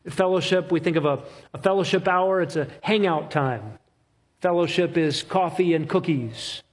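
Man preaching a sermon, highish husky voice, hits the key lines slow and heavy. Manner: emphatic, rhythmic repetition with slow stressed phrases. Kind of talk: expository sermon.

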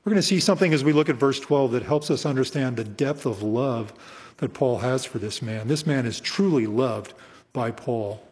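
Man preaching a verse-by-verse sermon, husky, earnest, repeats for emphasis; reverberant hall. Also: medium pitch, normal speed, a little mellow. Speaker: pastor. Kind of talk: expository sermon.

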